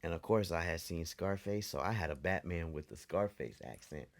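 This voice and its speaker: A man's voice: low voice, normal speed. A man co-hosting a podcast, telling candid stories from childhood in a loose, casual way. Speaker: podcast co-host. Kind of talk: casual chat.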